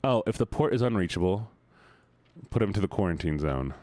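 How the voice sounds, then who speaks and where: A man streaming live, chatting casually with his audience in an excitable, playful, teasing way. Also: deep voice, a little fast, dry recording.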